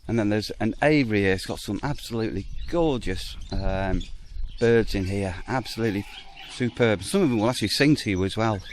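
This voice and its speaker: Brisk and with few pauses, a man vlogs his way through a farm park outdoors, chatty throughout. He speaks affectionately to the animals in a raised pitch, over slight background noise.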